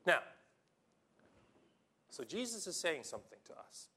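A man preaches a sermon in an animated storytelling way, swinging from loud exclamations to near-hushed tones. His voice sits a bit high, with a lively pitch. He often fills pauses with "you know" and restarts. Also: slightly rough. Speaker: pastor.

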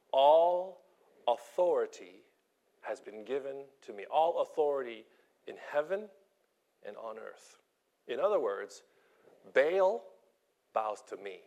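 A man preaching a sermon with strong emphasis, sometimes dropping to a soft whisper. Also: medium pitch. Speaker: pastor.

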